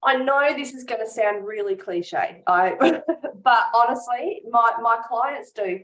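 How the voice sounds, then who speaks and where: A woman business coach chats warmly in an interview, speaking earnestly and from the heart. She often breaks into small laughs and restarts her sentences as she talks. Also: on the high side, a little slow, poor audio. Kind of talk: casual interview chat.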